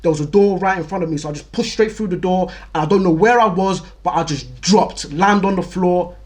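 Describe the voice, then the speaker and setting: A man's voice: high-pitched, brisk. Candid young man telling his story. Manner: candid, vivid, repeats words for emphasis. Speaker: storyteller host. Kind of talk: personal storytelling monologue.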